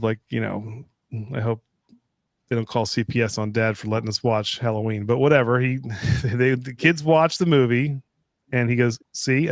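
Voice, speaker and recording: A man's voice: medium pitch, no room sound. Middle-aged male co-host, mid-range voice, dry close mic, rambling anecdotes full of restarts. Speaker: live stream co-host. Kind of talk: casual chat.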